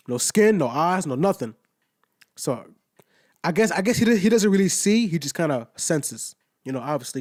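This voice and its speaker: A young man with a slightly high-set voice talks through an anime episode in a loose, slang-heavy ramble. He swears freely and drops conversational asides as he recaps the plot, casual and unscripted. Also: darkish tone. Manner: loose and slangy, heavy profanity, frequent "you know what I'm saying" asides. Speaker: anime reviewer.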